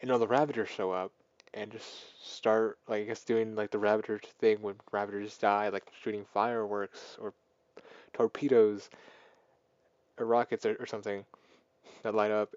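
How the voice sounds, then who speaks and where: Rambling man excitedly retelling a movie. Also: fairly low pitch, clear, resonant tone, no room sound, highs cut off. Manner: rambling, filler-heavy, excited plot retelling. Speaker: movie reviewer. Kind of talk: casual spoken film review.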